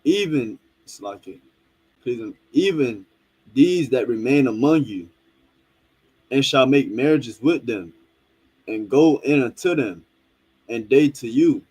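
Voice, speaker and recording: Slow, husky man reading scripture. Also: medium pitch, lively intonation, a little mellow, rough recording. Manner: reads slowly and deliberately. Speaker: scripture reader.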